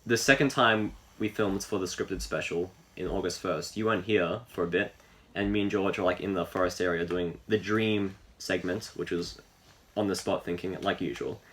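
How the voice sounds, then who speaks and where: A man's voice: low-pitched, steady tone, moderate pace, a bit bright. A man co-hosting a casual podcast, rambling through his thoughts with lots of fillers and restarts. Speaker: podcast co-host. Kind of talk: casual chat.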